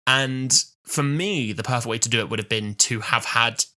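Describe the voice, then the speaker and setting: A man's voice: mid-range voice, normal speed, sharp tone. A man in his twenties co-hosting a podcast, talking enthusiastically and restarting sentences as he thinks aloud. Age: 20s. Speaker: podcast co-host. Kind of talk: casual chat.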